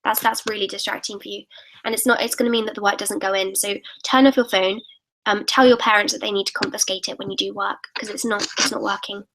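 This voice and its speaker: A woman's voice: medium pitch, fairly even intonation, quick pace, a bit bright, slight background noise, poor audio. A teenage girl in a casual live-stream Q&A, reading out viewers' comments and answering them in a chatty, upbeat way. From United Kingdom. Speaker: YouTuber answering live questions.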